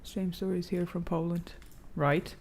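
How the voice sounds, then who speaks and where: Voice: medium pitch, fairly even intonation, a little slow, a little mellow, slight background noise. A game streamer chatting casually while playing, slangy and profane, reading chat aloud and rambling with many fillers.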